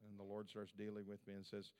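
A man's voice: on the low side, completely flat delivery, quick pace, darkish tone, smooth. A male pastor preaching a sermon at a church service in a fervent, conversational way, with lots of repetition.

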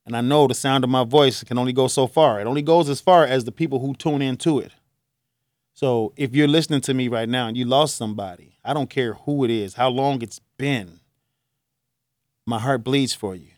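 A man's voice: medium pitch, no echo, studio quality. A middle-aged man from Chicago, a radio host delivering an earnest, grieving talk-show monologue that rambles with restarts. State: choked up.

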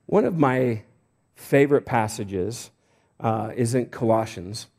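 A man's voice: mid-range voice, expressive, takes it slowly, creaky, darkish tone. A man preaching as a visiting pastor, speaking conversationally with jokes, fillers and restarts before a church. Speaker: guest pastor. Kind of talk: sermon. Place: church sanctuary.

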